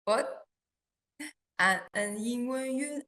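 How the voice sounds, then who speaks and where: A woman teaching beginners, speaking slowly and patiently and repeating each sound for drill. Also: fairly high pitch, a bit bright. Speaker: Chinese teacher. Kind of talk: beginner language lesson.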